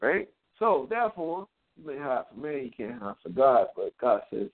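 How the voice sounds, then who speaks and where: A man leads a live Bible study, teaching in a preacherly way and dropping "amen" between his points. His voice sits at an ordinary pitch for a man. It comes through thin and narrow, like a call heard over a telephone line. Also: very animated, moderate pace. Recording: tinny phone-line audio.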